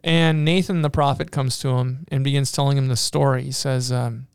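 A man in casual talk, retelling Bible stories in an animated way with playful asides and many fillers. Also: mid-range voice, normal speed, gravelly, smooth, no room sound, clean studio sound.

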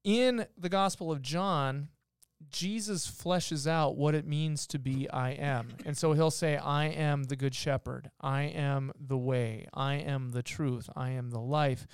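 A man talks through a Bible passage for his podcast co-hosts, reading verses aloud and pausing to explain them. His voice is smooth and a bit higher than most men's. The room sounds dry and close. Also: fairly even intonation, no room sound. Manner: explains patiently, reads verses aloud, many restarts. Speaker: podcast co-host teaching scripture. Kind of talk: casual explanatory Bible talk.

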